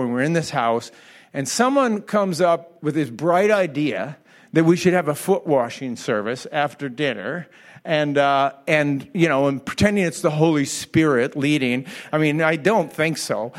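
A middle-aged pastor preaches to his congregation with a slightly high voice. He tells his story in an animated way and laughs easily along the way. His delivery is a lively sermon that stays personal. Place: church hall before an audience.

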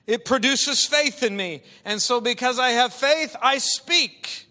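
A male preacher delivering an impassioned sermon, swinging from quiet talk to shouting. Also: extremely high pitch, unhurried, few pauses. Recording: long hall reverb.

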